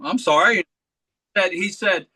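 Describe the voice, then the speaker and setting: A man, a rock singer, talking as an interview guest and telling stories in an easygoing, animated way. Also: high voice, normal speed, slightly rough, poor audio. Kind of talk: conversational storytelling.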